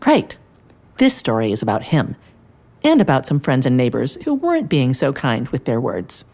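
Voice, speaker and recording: A low, gentle grandmother storyteller. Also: wildly swooping pitch, normal speed, full character voice. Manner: gentle, warm-toned storytelling. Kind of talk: scripted children's audio drama.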